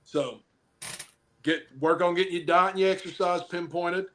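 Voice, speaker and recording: A man's voice: high-pitched, fairly even intonation, moderate pace, fairly bright tone, a little hiss or hum. A man who wrestles professionally and coaches football, chatting casually on a podcast, rambling and joking while he hands out blunt advice.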